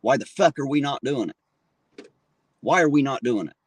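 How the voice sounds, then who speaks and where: Outdoors on his phone, a livestream host in his 40s delivers a fired-up, profanity-heavy rant. He speaks in an expressive mid-range voice at a moderate pace, with no room sound.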